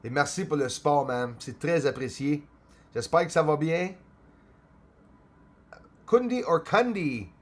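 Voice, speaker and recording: A man's voice: a little high, lively intonation, unhurried, long pauses. A middle-aged man from Canada hosting a casual live stream, greeting viewers by name and sometimes switching into French.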